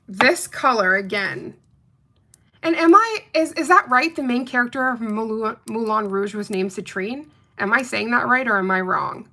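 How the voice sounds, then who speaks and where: A woman's voice: a little high, pushed and bright. A young adult woman reviewing nail polish in a casual unboxing chat, bubbly and chatty, talking straight to her viewers.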